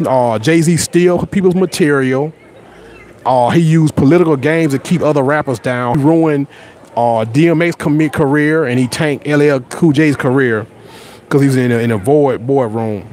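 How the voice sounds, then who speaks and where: A man's voice: medium pitch, darkish tone, slight background noise. A man with a Southern accent hosting a casual livestream, greeting viewers by name, rambling and boastful with frequent repeated words and restarts. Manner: blunt and boastful. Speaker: livestream host. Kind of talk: casual live chat with viewers.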